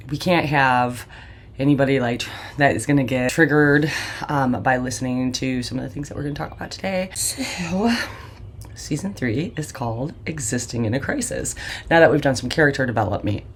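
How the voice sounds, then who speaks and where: A woman's voice: very deep voice, moderate pace, a little hiss or hum. A woman in her forties hosting a podcast, telling her own family story bluntly and with swearing, often laughing through hard memories. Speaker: podcast host. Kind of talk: candid personal storytelling.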